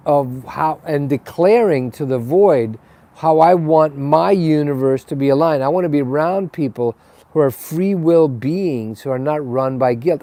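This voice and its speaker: A man with a slightly high, mellow voice hosts a spiritual webcast. He delivers a casual monologue that is rambling, blunt and profane.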